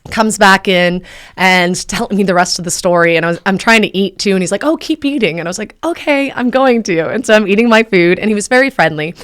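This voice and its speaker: A woman in her thirties hosts her podcast and tells a long personal story in a relaxed, chatty way. Her voice sits at a middle pitch. She jumps up in pitch whenever she acts out what people said. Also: fast, smooth. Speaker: podcast host. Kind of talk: casual storytelling.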